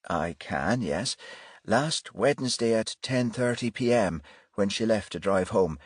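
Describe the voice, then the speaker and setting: A man voicing a middle-aged male pastor with a soft Irish brogue and a solemn, gentle manner. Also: fairly low pitch, expressive, unhurried, slightly rough, no room sound, clean studio sound. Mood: gently solemn.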